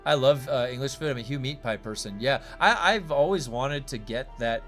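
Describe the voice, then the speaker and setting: American guy streaming a game, chatting w viewers, rambly n friendly, mid-pitch voice, faint music behind. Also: normal speed, fairly bright tone. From United States. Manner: rambling, friendly, many fillers and restarts. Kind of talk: casual chat with stream viewers.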